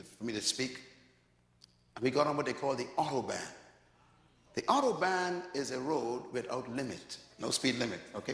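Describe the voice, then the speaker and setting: A man's voice: medium pitch, fairly bright tone. A man preaching a sermon, telling a story dramatically and acting out the dialogue. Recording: echoey hall, long reverb.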